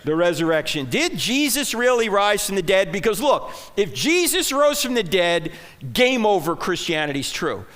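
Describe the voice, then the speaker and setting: New man, conference speaker; punchy and jokey, animated high delivery. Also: normal speed, long reverb tail. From New Jersey. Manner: punchy, joking, rhetorical questions. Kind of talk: sermon-style talk to a live audience. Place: church auditorium.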